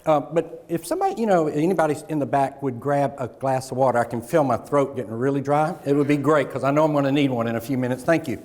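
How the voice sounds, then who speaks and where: A man's voice: medium pitch, a little mellow. A man from the American South giving a jokey, folksy keynote talk on sales to a conference crowd. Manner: jokey, folksy, with pauses for laughs. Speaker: keynote speaker. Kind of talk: motivational keynote speech. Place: large conference hall. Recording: long hall reverb.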